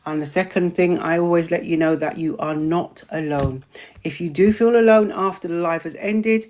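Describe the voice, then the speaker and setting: A woman hosts a live online community session and talks straight to her viewers. Her voice sits slightly low, and her chatty delivery now and then stumbles over longer words. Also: normal speed, a little mellow. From Britain. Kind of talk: live-stream chat and viewer Q&A.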